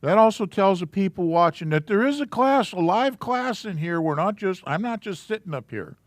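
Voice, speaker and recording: A man's voice: sits high, big pitch swings, moderate pace, no echo. A man teaching the Hebrew alphabet to a live class in a church, patiently walking through letters and sounds step by step.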